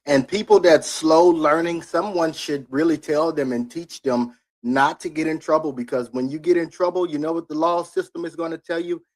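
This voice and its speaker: A man's voice: a little high, fairly even intonation, normal speed, few pauses, dry recording. A man on a live stream giving blunt, critical commentary in rambling asides as he reacts to a video.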